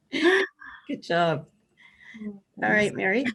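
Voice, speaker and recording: A woman's voice: mid-range voice, vocal fry, sharp tone. A woman therapist on a video call, encouraging and giving others praise as she speaks. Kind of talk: casual panel chat on a video call.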